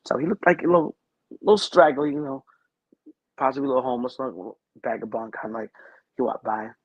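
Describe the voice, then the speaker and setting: A man's voice: medium pitch, expressive, fast, breathy edge, dry recording, muffled recording. A man who is a guest on a talk show, telling a personal story in a rambling, earnest way and repeating his phrases.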